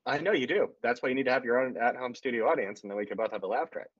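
A man's voice: mid-range voice, very fast, breathy edge, no echo. A man co-hosting a podcast, recapping a movie in a rambling, jokey, profane way. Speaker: podcast co-host. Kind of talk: casual comedic movie recap. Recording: dry, muffled lo-fi call audio.

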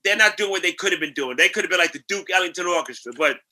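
A man from New York spins lively anecdotes as an interview guest, slipping into other people's voices as he goes. His voice sits high for a man and sounds very bright and forceful. The storytelling is animated and casual. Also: rapid-fire. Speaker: guest, singer and actor.

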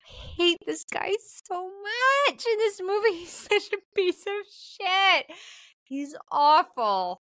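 A woman's voice: very high-pitched, animated, takes it slowly, a bit bright, dry recording. Young woman podcast co-host, casual recap talk, dry close mic. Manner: chatty, frequent "like" fillers, profane.

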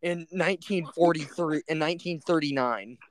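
A man's voice: fairly high pitch, normal speed, a crowd in the background. A young man in casual chat, joking and swearing freely, laughing along.

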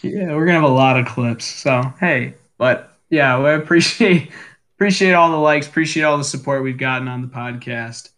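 Bright-voiced young man, giggly podcast host. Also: mid-range voice. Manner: laughs often, doing quick grunts and death-cry impressions. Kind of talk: casual podcast chat. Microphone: home microphone.

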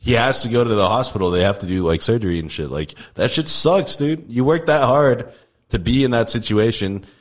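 A man's voice: mid-range voice, lively intonation, brisk. A young man co-hosting a podcast in loose, profane, rambling casual chat. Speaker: podcast co-host.

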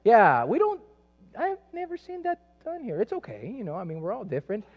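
A man from South America preaches in a loose, storytelling style, full of asides and fillers. His voice sits high, and the recording is muffled and lo-fi. A long echo hangs in the hall around him. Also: fast talker, soft background music. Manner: conversational and animated, many asides and fillers. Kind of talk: sermon with personal storytelling. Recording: echoey hall, dull lo-fi sound.

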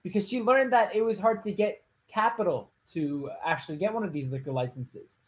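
A male host in a relaxed, rambling storytelling monologue. He drifts through the tale with fillers and restarts. He breaks it up with wisecracks to the listener. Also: high-pitched. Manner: chatty, loose, with joking asides and quick put-on voices. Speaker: podcast host.

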